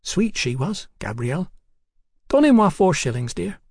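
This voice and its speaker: A man's voice: high voice, sing-song, normal speed, darkish tone, husky, no echo, pitched above the performer's own voice, exaggerated voice. A man voicing a drunk, bawdy young working woman who talks in a brash, slurring way, with a dry close sound. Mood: gossipy.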